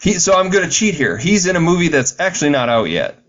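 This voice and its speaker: A man's voice: on the high side, very animated, fast talker, fairly bright tone, muffled recording. A man co-hosting a podcast, chatting casually about films in a playful, teasing, enthusiastic way. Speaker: podcast co-host. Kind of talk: casual film chat.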